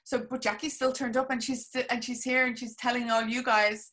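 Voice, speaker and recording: A woman's voice: on the high side, flat delivery, a little fast, a bit bright. A woman, a business coach, chatting casually and eagerly to viewers on a live stream, rambling with restarts and frequent laughs.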